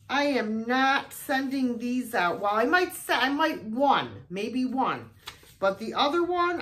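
A woman's voice: on the high side, a bit bright. A middle-aged American woman chatting casually in a vlog, gushing and exclaiming over each thrift find. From United States. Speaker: thrift haul vlogger.

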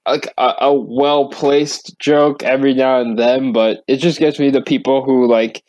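A man with a halting, restart-filled way of speaking who laughs often, co-hosting a casual podcast chat. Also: medium pitch, fairly even intonation, a little mellow, no echo. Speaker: podcast co-host.

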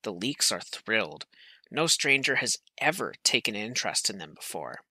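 Man, storybook reader, gentle, very bright tone, dry close sound. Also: fairly low pitch, sing-song, normal speed, no echo. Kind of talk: reading a children's book aloud.

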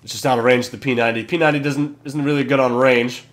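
A young man hosting a gaming channel, giving excitable commentary over his match, swearing and yelling at kills. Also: medium pitch, fast. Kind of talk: gameplay commentary.

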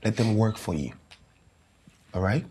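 An actor playing a visiting film actor who calmly encourages a young woman, dropping casual slang. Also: fairly low pitch, a little slow, slight background noise. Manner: calm, reassuring, casual American-style slang. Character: famous male actor visiting, encouraging mentor. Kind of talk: comedy series acting.

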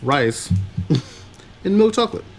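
A man co-hosting a casual podcast, chiming in with short, dry, deadpan quips. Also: fairly high pitch, takes it slowly, slight background noise. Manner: dry, deadpan one-liners. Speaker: podcast co-host.

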